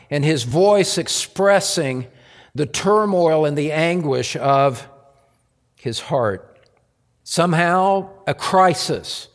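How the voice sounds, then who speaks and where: A man's voice: on the high side, long reverb tail. A man preaching an earnest expository sermon, reading scripture aloud and explaining it.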